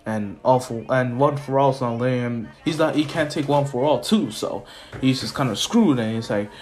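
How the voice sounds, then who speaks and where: A young man casually retelling a fan story, rambling and halting with fillers. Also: medium pitch. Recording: soft lofi music under.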